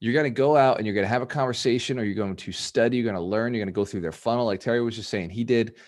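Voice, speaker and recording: A man hosting a live video coaching session, energetic and motivational, laughing often. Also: medium pitch, very fast. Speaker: host and business mentor.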